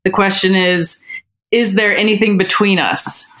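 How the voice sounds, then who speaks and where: A woman guest on a podcast, telling a personal story in a candid, heartfelt way with frequent pauses and restarts. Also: mid-range voice, fairly even intonation, a bit bright.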